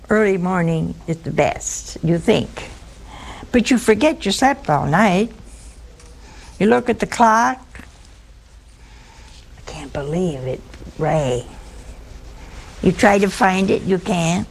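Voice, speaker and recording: A woman's voice: mid-range voice, creaky. A woman preaching a sermon in a folksy, humorous storytelling manner, acting out bits of dialogue.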